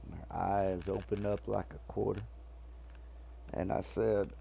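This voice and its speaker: A man hosting a show in casual chat, telling crude joking stories in a slow drawl with swearing. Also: low voice, fairly even intonation, gravelly, mellow, slight background noise. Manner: crude, joking, storytelling banter. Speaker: podcast host introducing songs.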